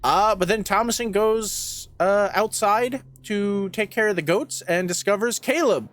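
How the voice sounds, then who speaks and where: A man's voice: high-pitched, measured pace, a bit bright, no echo. A man co-hosting a podcast, recapping a film's plot in casual, profane chat. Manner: recaps plot, swears, acts out quotes. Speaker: podcast co-host.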